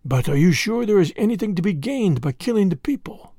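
A man voicing a murderous male cobra in a storybook reading, measured and menacing. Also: high voice, very animated, mellow, no room sound, clean studio sound, full character voice.

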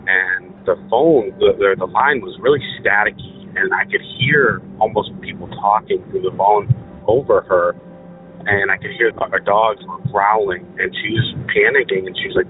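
A man's voice: on the low side, a little hiss or hum. Man telling a story over a tinny phone line. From Maine. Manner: earnest, halting, with many fillers and restarts. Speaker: caller.

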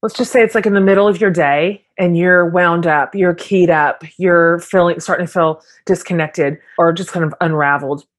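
A woman's voice: on the low side, normal speed, hardly any pauses. A woman hosting a podcast interview, asking questions in a chatty, enthusiastic way. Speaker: podcast host. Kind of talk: casual interview.

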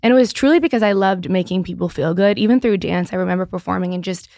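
A woman in her thirties speaks as a guest on a casual podcast. She talks openly and with energy, and she often restarts her sentences. Her voice has a gravelly, creaky edge, and the recording is dry and close. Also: lowish voice, fast talker, dry recording. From Boston area. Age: 30s. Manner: candid and animated, with frequent restarts and "like". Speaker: guest, business founder.

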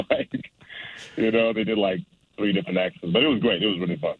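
Here a young adult comedian chats in a laid-back phone interview, his fairly low, slightly rough voice moving fast with fairly even intonation. His talk rambles, broken up by many restarts and laughs, over a dry phone line.

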